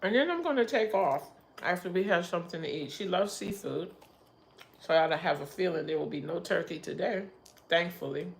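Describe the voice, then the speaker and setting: A woman's voice: on the low side, expressive, normal speed, vocal fry. A middle-aged woman hosting a casual livestream, chatting in a rambling way and laughing often. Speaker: livestream host.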